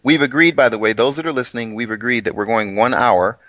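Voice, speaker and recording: A middle-aged man co-hosting a casual talk about scripture, animated and teasing, often laughing. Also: medium pitch, fast, no room sound, dull audio. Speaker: co-host of a scripture talk show.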